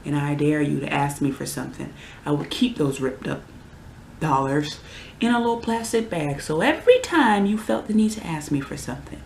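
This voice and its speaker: A young adult in their twenties rants heatedly to the camera, exasperated and prone to sudden outbursts. The voice carries a gravelly fry. It sounds roomy and echoey, with a faint hiss underneath. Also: mid-range voice, lively intonation, normal speed, darkish tone. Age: 20s. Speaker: vlogger. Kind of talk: casual ranting vlog. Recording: roomy echo.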